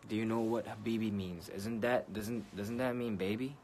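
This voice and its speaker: A young man with a fairly low voice talks loosely into his phone on a live stream, full of slang, curses and easy laughs. He drifts between English and Korean as he answers comments, with a faint background hiss. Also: steady tone, normal speed, few pauses, darkish tone. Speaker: rapper on a livestream. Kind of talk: casual livestream chat answering comments. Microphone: phone mic.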